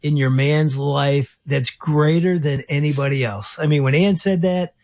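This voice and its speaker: Pastor guest, man, mid-pitched, animated storyteller. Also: a little slow, creaky, dry recording, clean studio sound. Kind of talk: casual radio conversation.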